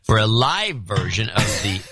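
A man's voice: on the low side, very animated, normal speed, fairly bright tone, husky, no echo. A middle-aged man co-hosting a podcast in casual chat, reading donor notes with dry, sardonic asides.

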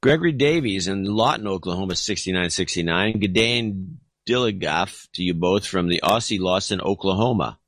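A man's voice: low voice, lively intonation, moderate pace, fairly bright tone, no room sound. A man co-hosting a podcast, reading listener donations aloud with dry, wry asides in casual chat.

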